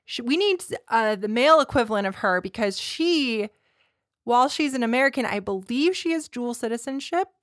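A woman's voice: fairly high pitch, lively intonation, moderate pace, dry recording. Chatty woman co-host, dry sound. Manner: chatty and rambling, with frequent restarts and laughs. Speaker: podcast co-host. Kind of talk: casual film chat.

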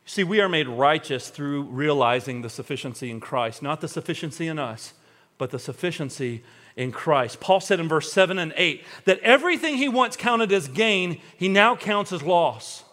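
Pastor guy preaching, kinda high voice, earnest, goes hushed then fired up. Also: animated, normal speed. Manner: earnest, swings between hushed confession and fervent emphasis. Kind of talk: sermon.

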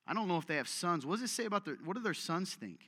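Energetic bright-voiced male preacher in a reverberant hall. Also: high-pitched, very fast. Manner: energetic and direct, full of rhetorical questions and self-deprecating humor. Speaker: pastor. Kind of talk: sermon.

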